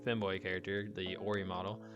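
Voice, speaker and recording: A man's voice: deep voice, little pitch movement, fast talker, highs cut off, over music. A man hosting a podcast, chatting casually with many fillers and frequent laughter. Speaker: podcast host. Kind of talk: casual chat.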